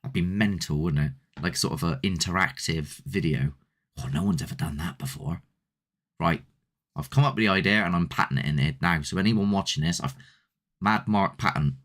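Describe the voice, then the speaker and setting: Male host, deep voice, rambly live chat with viewers. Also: normal speed, fairly bright tone. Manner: rambling, chatty, answers viewer comments. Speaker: host of a paranormal channel. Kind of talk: casual live-stream chat.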